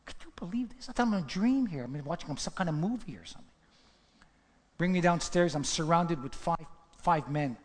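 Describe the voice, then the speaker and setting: A male preacher with a somewhat high voice delivers a testimony sermon, telling the story dramatically and rising into fervent exhortation. His voice rings out with a long hall reverb around it. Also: animated, fairly quick.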